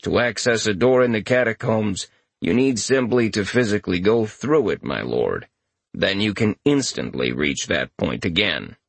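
A man voicing a formal, deadpan floating magical servant, speaking low and measured, with a slightly husky voice. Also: no echo, heavily acted.

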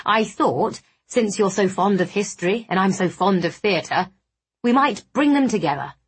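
A woman reading the part of a teasing, theatrical young male sorcerer in a storybook, with a husky voice. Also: high-pitched, expressive, moderate pace. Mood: playful. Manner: smirking, theatrical.

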